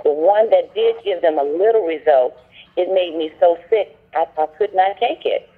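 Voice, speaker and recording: A woman on a conference call, telling at length how her health came back, in a talkative, animated way with many fillers. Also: on the low side, normal speed. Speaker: caller sharing a testimony. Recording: phone line.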